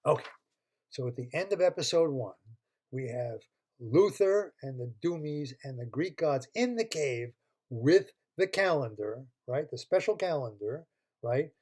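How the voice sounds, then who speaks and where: An older man telling an improvised children's story over a computer call, pausing to quiz his listeners with multiple-choice questions in a playful, chatty way. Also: medium pitch, expressive, a little mellow. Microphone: computer mic on a video call.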